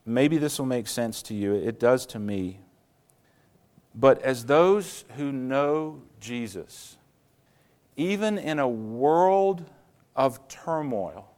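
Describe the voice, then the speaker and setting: A man preaching a sermon as a pastor, earnest and storytelling, slowing down and speeding up for emphasis. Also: medium pitch, a little mellow. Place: church.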